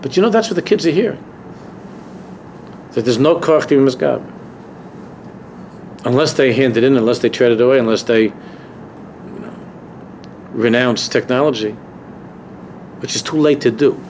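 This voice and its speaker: A man's voice: mid-range voice, lively intonation, a little fast, long pauses, a little mellow, slight background noise. A man, a rabbi, teaching a Torah class to students in an emphatic, repetitive way that builds to impassioned peaks. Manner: emphatic, repeats key phrases, rising to impassioned peaks. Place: university lecture room.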